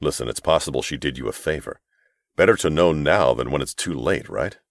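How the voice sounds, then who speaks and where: A male narrator voicing a huge, blunt best friend who speaks low and steady. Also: fairly quick, dry recording, clean studio sound.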